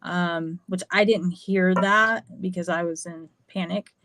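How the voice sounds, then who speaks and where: A woman's voice: on the low side, fairly even intonation, unhurried, fairly bright tone, no echo. A woman from the United States, a podcast guest, telling a personal story in a candid, casual way, with frequent fillers and swearing.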